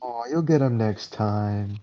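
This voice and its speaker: A man's voice: on the low side, unhurried, warm tone, faint music behind. A man playing a tabletop game, teasing the others. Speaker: player. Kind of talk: casual tabletop play. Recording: dull lo-fi mic.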